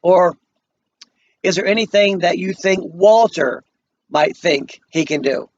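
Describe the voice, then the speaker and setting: Male teacher, high voice, conversational questioning, dull lo-fi audio. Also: slow, a little hiss or hum. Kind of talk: explaining a play to students.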